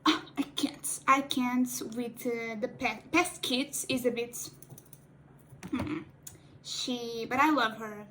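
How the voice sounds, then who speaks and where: Slow-talking, rambling woman vlogger. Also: fairly high pitch, slight background noise, low-quality recording. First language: Portuguese. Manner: rambling, restarts often, drops into soft asides. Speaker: cosplay makeup vlogger. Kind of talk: casual chat while doing makeup.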